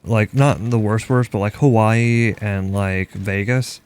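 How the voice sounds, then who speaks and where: Chatting loosely during gameplay, a young streamer from Minnesota wanders from thought to thought, filling gaps with "like." His voice is on the low side, clean and darkish, with a steady tone and slow pace.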